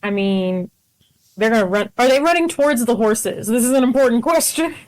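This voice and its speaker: A woman's voice: on the high side, lively intonation, normal speed, darkish tone, low-quality recording. A woman taking part as a player in a tabletop game, chatty and enthusiastic. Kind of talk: casual tabletop game play.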